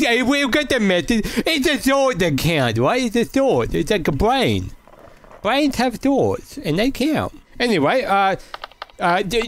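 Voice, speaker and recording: Excitable high-voiced man gaming. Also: slight background noise. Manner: goofy, excitable, with sudden yelps and shouts; jokey, mock-serious asides to the viewers. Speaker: gaming video creator. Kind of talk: playing a VR game with commentary.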